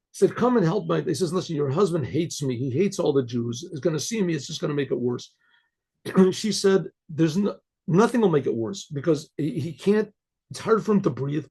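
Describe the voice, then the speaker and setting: A man, a rabbi, telling a story in a casual, halting way, repeating words and often clearing his throat. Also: on the high side, a little mellow.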